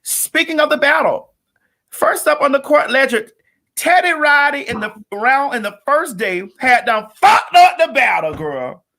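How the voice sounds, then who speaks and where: A host with a flamboyant, sassy manner, hyping up guests on a live-streamed comedic talk show over a video call. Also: female voice, high-pitched, sing-song, a little slow, pushed and bright. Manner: flamboyant, sassy, hype introductions.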